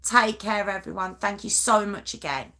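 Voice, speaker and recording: Hosting a true crime live stream, a woman chats casually with her viewers, giggly, self-mocking, and rambling. Her mid-range voice is bright and forceful, at a moderate pace.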